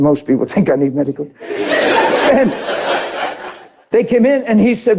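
A man's voice: high voice, sing-song, unhurried, long pauses, a little mellow, slight background noise. A male preacher telling a personal story in a sermon, acting out the voices of the people in it. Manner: acts out other people's voices in his story.

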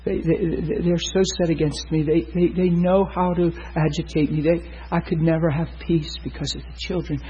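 A preacher quoting a sedated, frightened older woman neighbor who speaks in a soft, halting, pleading way. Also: on the high side, flat delivery, slightly rough. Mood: pleading, weary. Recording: dull lo-fi recording.

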